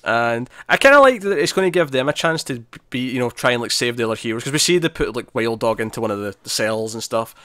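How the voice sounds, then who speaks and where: A man talking quickly in a casual podcast chat, chatty and quick to laugh, voicing characters' lines for fun. His pitch sits mid-range, and the sound is close and dry with no room around it. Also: animated, bright, forceful tone, dry recording. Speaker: podcast co-host.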